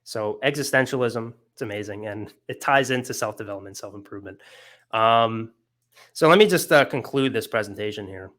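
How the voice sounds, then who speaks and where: A man's voice: lowish voice, a little fast, fairly bright tone. A young man giving a casual philosophy lecture, earnest and emotional, with many fillers and restarts.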